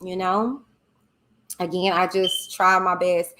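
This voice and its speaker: A woman's voice: on the low side, level tone, sharp tone. A woman hosting a casual livestream, chatting with viewers and reading their comments aloud. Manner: chatty, drawn-out exclamations, talks to viewers as "y'all" and "child". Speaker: livestream host.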